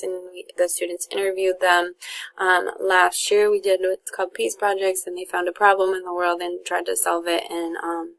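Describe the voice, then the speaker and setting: A woman's voice: on the low side, vocal fry. A young woman, a teacher casually introducing her course to students and parents, with lots of fillers and restarts.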